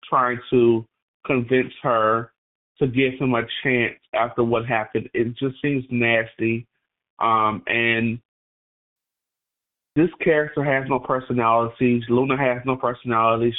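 Brief: male phone caller, measured and hesitant, phone-line audio. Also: mid-range voice. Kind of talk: casual chat.

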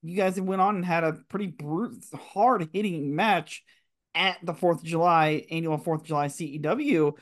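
A man's voice: a little high, moderate pace. A man hosting a wrestling talk show, chatting casually and correcting himself mid-sentence. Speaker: show host.

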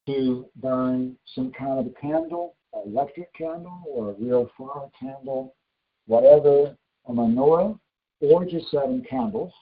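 A man preaching and giving church announcements in a slow, emphatic way, repeating his instructions. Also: medium pitch. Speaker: pastor. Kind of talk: sermon with announcements. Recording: dull lo-fi recording.

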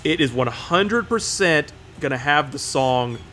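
Bright-voiced excitable male podcaster. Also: fairly high pitch, unhurried, slight background noise. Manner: excitable, swearing, mimics voices. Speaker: podcast host. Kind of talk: casual podcast chat.

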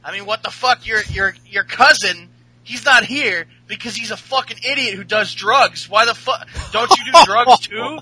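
A man's voice: high voice, moderate pace, pushed and bright, husky, pitched above the performer's own voice, full character voice, poor audio. A man doing a sneering impression of a male pro wrestler who hurls profane insults. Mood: taunting.

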